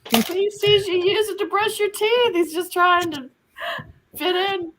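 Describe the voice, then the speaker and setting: A woman's voice: extremely high pitch, unhurried, fairly bright tone. A woman giving supportive reactions in casual chat.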